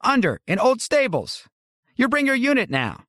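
A man's voice: extremely high pitch, huge pitch swings, moderate pace, a bit bright, no echo, studio quality, pitched above the performer's own voice, exaggerated voice. A male audiobook narrator voicing a terse foreign man who speaks in short, broken English sentences. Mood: curt. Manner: clipped, blunt phrasing.

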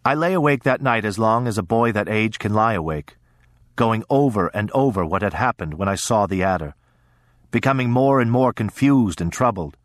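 A man narrating a first-person story in a measured, even storytelling voice. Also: on the low side, no room sound, studio quality. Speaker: audiobook narrator. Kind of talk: scripted narration.

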